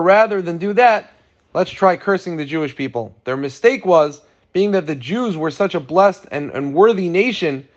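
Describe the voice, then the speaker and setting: A man's voice: sits high, highs cut off. A man giving an earnest sermon, telling a story to make his point. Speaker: preacher.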